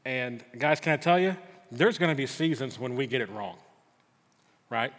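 A man's voice: medium pitch, lively intonation, normal speed, fairly bright tone. A middle-aged man preaching a sermon in a church, telling a personal story in an earnest way with frequent stammered restarts. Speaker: pastor. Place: church sanctuary. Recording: long hall reverb.

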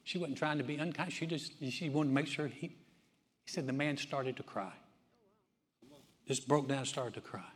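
A pastor preaches in a church sanctuary, his medium-pitched voice at normal speed with frequent pauses. He tells stories conversationally and often restarts his sentences, all under the long reverb of the church hall.

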